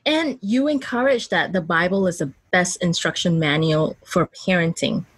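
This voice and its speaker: Breathy-voiced young woman hosting. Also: lowish voice, moderate pace, dry recording. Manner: warm affirming interjections, questions. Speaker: podcast host, mother. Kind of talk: interview podcast chat.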